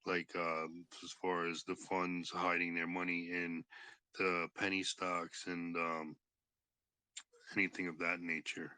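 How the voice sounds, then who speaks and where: A man with a very deep, flat voice chats casually and hesitantly. His tone is bright and forceful. The sound is dry and close. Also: takes it slowly, clean tone, no room sound. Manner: hesitant, full of fillers and restarts. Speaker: podcast participant. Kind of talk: casual chat.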